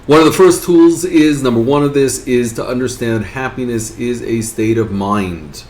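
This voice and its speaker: A man's voice: mid-range voice, moderate pace, a little mellow. A man giving a spoken lesson, often asking his listeners "right?". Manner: rhetorical, keeps asking "right?". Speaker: teacher. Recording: echoey room.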